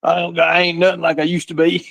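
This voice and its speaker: A man's voice: on the high side, completely flat delivery, fast talker, vocal fry, a bit bright, no room sound. A middle-aged man giving casual reaction commentary, rambling, laughing often and swearing. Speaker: streamer reacting to a video. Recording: dull, dry sound.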